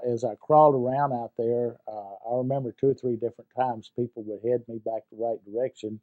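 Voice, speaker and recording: An older man recalling his war experiences in a halting way, with many fillers and repeated words. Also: mid-range voice, narrow, tinny audio. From United States. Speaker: veteran interviewee. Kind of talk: personal war recollection.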